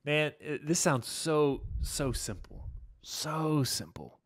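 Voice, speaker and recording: A man hosting a casual podcast as a financial planner, talking in an energetic, laid-back way full of slang. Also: on the high side, slow, no room sound, clean studio sound.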